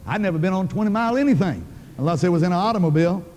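Older man, preacher, folksy and emphatic, rapid delivery, reverberant hall. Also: high-pitched, expressive, darkish tone, slight background noise. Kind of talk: sermon storytelling.

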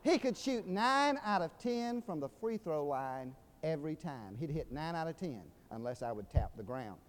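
High-voiced Southern preacher in a reverberant hall. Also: male voice, sing-song, moderate pace. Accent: Southern US (Georgia). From Georgia, USA. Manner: folksy storytelling with humor, building to emphatic preaching. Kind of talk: sermon. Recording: long reverb of a large hall.

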